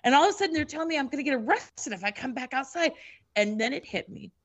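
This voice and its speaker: A woman spinning a story in casual conversation, her voice fairly high and swinging widely up and down. She acts out every quote and swears freely. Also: lively intonation, fast talker.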